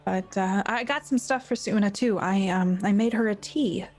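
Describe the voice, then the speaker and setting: Woman at a tabletop game, quiet and a bit unsure, music behind. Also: medium pitch, normal speed. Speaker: player. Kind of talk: in-character roleplay chat.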